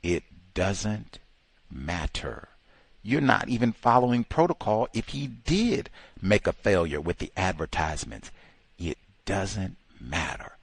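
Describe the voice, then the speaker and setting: A man with a low, husky voice delivers heated talk-show commentary. His pitch swings widely as he fires off exclamations and rhetorical questions. The sound is close and dry. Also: sing-song, measured pace, no room sound. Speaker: host. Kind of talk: impassioned commentary.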